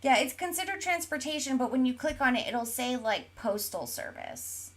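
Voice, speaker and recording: Her voice now sits high and sing-song, fairly bright, at normal speed. Casually chatting on stream, the Oklahoma co-host reads viewer comments for her gaming podcast, with fillers throughout.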